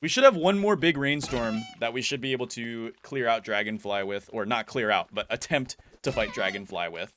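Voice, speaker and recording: A man's voice: medium pitch, lively intonation, moderate pace, hardly any pauses, a bit bright, a little hiss or hum. A man giving casual, playful gameplay commentary as a YouTuber, teasing and chatting to the creatures in his game. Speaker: gaming YouTuber.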